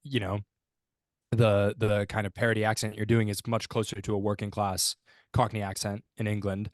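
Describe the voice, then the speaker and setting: A man with a fairly low voice co-hosts a relaxed discussion podcast. He reasons out loud, circling back and restarting his phrases, and the sound is dry and close with no room echo. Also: normal speed. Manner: thoughtful, rambling with restarts and fillers. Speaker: podcast co-host.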